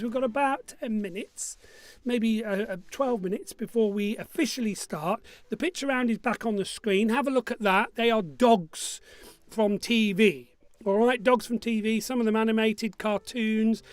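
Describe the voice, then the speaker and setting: A man runs a live-streamed pub quiz. He talks in a light, high voice. He chats and jokes with his viewers and reads out their messages as they come in. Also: dry recording. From Burnley, Lancashire, England. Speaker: quiz host.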